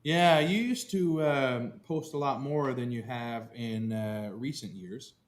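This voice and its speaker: A man's voice: medium pitch, slow, very noisy. A man co-hosting a podcast in joking, playful casual chat. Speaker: podcast co-host.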